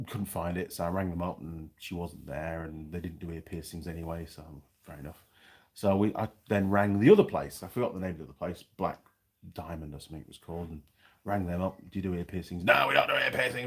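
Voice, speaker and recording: NZ bloke, low husky voice, rambling self-mocking storyteller for a casual vlog. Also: male voice, darkish tone. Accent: New Zealand. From New Zealand. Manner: rambling, self-mocking, restarts mid-sentence. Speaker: vlogger.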